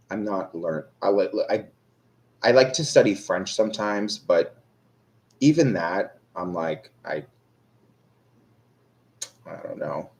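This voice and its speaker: A young adult man's low voice is animated but slow and creaky, with frequent pauses. Reading tarot on a live stream, he chats casually with viewers, rambling and self-deprecating, with many fillers and restarts.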